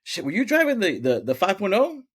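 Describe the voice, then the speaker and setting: Lively-voiced man hosting a casual chat. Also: sits high, a little fast, slightly rough. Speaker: podcast host.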